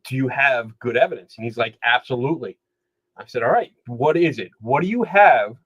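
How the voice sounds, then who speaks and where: A man's voice: medium pitch, fairly quick, husky, highs cut off. A man, a skeptical investigator, chatting casually on a podcast and acting out the people he quotes. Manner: animated storyteller, acts out quoted dialogue. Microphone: studio microphone.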